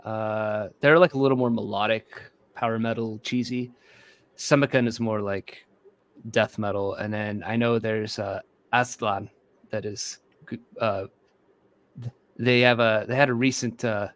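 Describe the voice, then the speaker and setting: A man's voice: on the low side, fairly even intonation, a bit bright, no room sound. Man, host, hesitant, lots of uh, casual video call chat. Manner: hesitant, frequent pauses and "uh". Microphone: video call mic.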